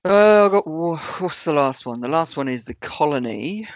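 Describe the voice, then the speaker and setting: Male podcast co-host, easygoing and halting delivery; dull dry recording. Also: a little high, no room sound. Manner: relaxed, hesitant with many ums. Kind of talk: casual film review chat.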